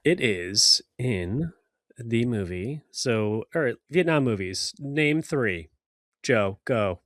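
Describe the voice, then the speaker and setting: A man chatting on a podcast, swearing freely and teasing his friends as he builds up to a movie pick. His voice is mid-pitched and recorded dry and close to the mic. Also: lively intonation, slow, a bit bright, dry recording. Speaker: podcast co-host. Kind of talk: casual chat.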